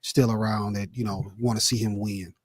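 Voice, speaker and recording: A man co-hosting a sports podcast, chiming in with relaxed casual comments. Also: on the low side, moderate pace, no room sound, studio quality. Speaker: podcast co-host.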